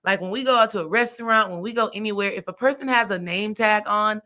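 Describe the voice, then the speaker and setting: Bright-voiced chatty woman storyteller. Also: medium pitch, fast. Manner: chatty, animated, asks "right?" often. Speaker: spiritual coach and host. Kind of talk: casual storytelling monologue.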